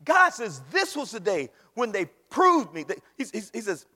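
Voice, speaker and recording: Man, pastor, high voice, preaching a sermon, shouts and hushed whispers, long reverb of a large hall. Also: big pitch swings, moderate pace.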